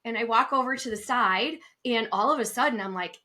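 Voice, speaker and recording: Bright-voiced woman telling a lively story. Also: brisk. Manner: lively storyteller, acts out quotes with big pitch jumps. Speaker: podcast co-host and travel advisor. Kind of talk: casual chat, telling a personal story.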